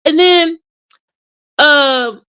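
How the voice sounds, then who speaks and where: A woman's voice: high voice, extremely slow. A woman giving casual, sassy commentary on online drama, acting out what others said and sighing in disbelief. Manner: sassy, animated, acts out quotes with sighs. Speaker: YouTube commentator.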